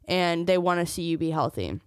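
A woman's voice: on the low side, animated, a little fast, smooth, no room sound, studio quality. A young woman sharing a personal story on her podcast, candid and emotional, near tears at times, with joking asides. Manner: joking asides between serious parts. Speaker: podcast host.

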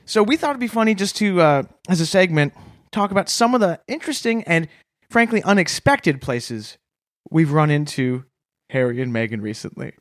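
A man from Toronto tells ridiculous stories as if they were news, his voice rising and falling with lively expression. The sound is dry and close, with no room echo. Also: on the high side, moderate pace. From Toronto, Canada. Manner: mock-serious, tells absurd stories straight. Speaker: comedy podcast co-host. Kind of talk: deadpan comedic storytelling.

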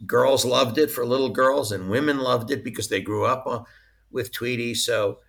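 A man's voice: medium pitch, moderate pace, gravelly, fairly bright tone. A man being interviewed as a former studio licensing executive, telling chatty stories and often laughing mid-story. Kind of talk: casual anecdotal storytelling.

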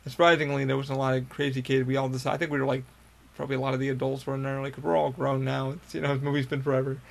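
A man's voice: mid-range voice, flat delivery, rapid-fire, creaky. A young man hosting a podcast, telling a long casual story in a rambling, profane way full of fillers and restarts. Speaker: podcast host.

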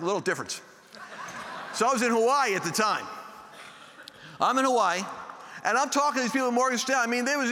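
A man preaching a sermon, telling a story in an animated way and acting out the voices of the people in it. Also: high voice, long reverb tail.

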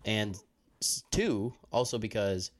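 A man's voice: lowish voice, animated, takes it slowly. A young man co-hosting a podcast in casual chat, explaining audio habits in a rambling, self-interrupting way into a handheld mic. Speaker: podcast co-host handling audio. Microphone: handheld microphone.

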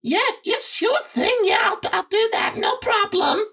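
A man voicing a timid female police clerk in a very high, hesitant voice. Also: unhurried, vocal fry, heavily acted. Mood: meek. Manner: hesitant, stammering.

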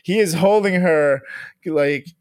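A man's voice: on the high side, slow, clear, resonant tone, no echo, clean studio sound. A man co-hosting a podcast in casual chat, laughing and swearing loosely as he talks. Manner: laughing, profane, loose banter. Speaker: podcast co-host.

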